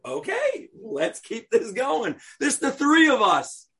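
A man voicing an excitable, generous ancient king who talks in breezy, eager slang. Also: very high voice, takes it slowly, vocal fry, husky, voice pushed up, exaggerated voice. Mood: indulgent.

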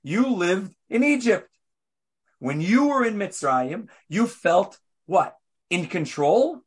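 High-voiced man preaching with animated storytelling. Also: slow, breathy edge. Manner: animated storytelling with rhetorical questions; swings between loud and hushed. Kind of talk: sermon.

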